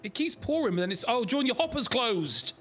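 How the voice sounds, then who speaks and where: A young man bantering excitedly with a friend while gaming, laughing often. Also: very high voice, brisk, soft background music. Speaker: gamer.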